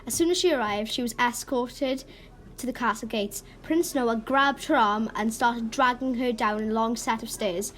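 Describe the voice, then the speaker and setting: A woman with a fairly high voice reads a fairy tale aloud, acting out each character's lines as she goes. Faint noise hums underneath. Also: normal speed, fairly bright tone.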